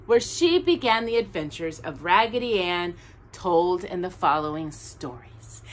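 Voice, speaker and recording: An animated woman reading a children's storybook aloud. Her voice is bright and forward, with a lively, swooping melody that keeps young listeners engaged. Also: on the low side. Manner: animated, expressive.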